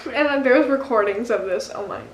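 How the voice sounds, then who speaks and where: A woman's voice: a little high, fairly quick, echoey room, a little hiss or hum. A young woman telling a story to camera in a casual vlog, laughing often as she goes. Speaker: vlogger.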